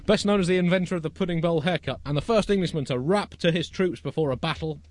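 A man co-hosting a comedy podcast, telling absurd stories in a wry, deadpan manner. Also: on the high side, fast. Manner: wry, deadpan, absurd comic storytelling with chuckles. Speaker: podcast co-host. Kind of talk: comic podcast monologue.

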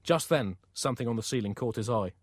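A man co-hosting a comedy podcast, reading scripted satirical news in a deadpan, wordy style. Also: mid-range voice, fast, husky, dry recording, studio quality.

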